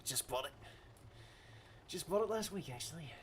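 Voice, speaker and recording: A man's voice: on the high side, lively intonation, moderate pace, a little hiss or hum, close to an everyday voice. A man voicing a boastful, swaggering tough-guy driver in a comedic game role-play, rambling and profane. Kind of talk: comedic role-play commentary over gameplay.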